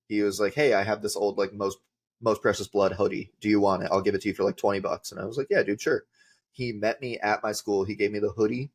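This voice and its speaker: A man, a podcast guest telling rambling casual stories with lots of filler words. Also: on the low side. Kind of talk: casual storytelling.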